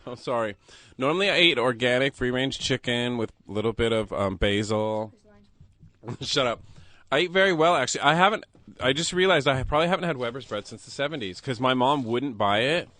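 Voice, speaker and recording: Excitable, lively-voiced male podcast host. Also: medium pitch, brisk, no room sound. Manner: excitable, gushing, exclamatory. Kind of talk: casual chat.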